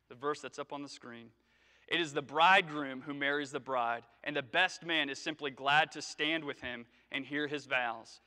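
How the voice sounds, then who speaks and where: Animated preacher man in a reverberant church. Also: on the high side, normal speed. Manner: animated, conversational, jokes with congregation. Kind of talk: sermon. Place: church sanctuary.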